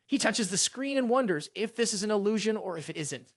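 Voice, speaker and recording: Narrator with a lively, swinging pitch. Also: fairly quick, no echo, clean studio sound. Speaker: recap narrator. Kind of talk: scripted story recap narration.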